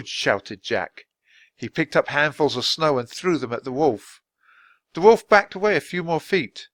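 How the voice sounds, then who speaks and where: A man reads a children's chapter book aloud for English learners, with clear, expressive delivery. His voice sits at an ordinary middle pitch. The recording is dry and close. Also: dry recording. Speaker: storyteller.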